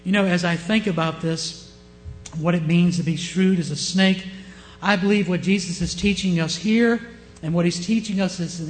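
A man with a Southern US accent preaching a sermon, often asking his listeners questions and shifting his pace and loudness. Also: high voice. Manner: asks the congregation questions, varies pace and loudness. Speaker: pastor.

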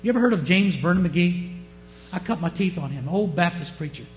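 A man with a Southern US accent preaching a sermon, often asking his listeners questions and shifting his pace and loudness. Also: high voice, animated, fairly quick, faint music behind. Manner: asks the congregation questions, varies pace and loudness. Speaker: pastor.

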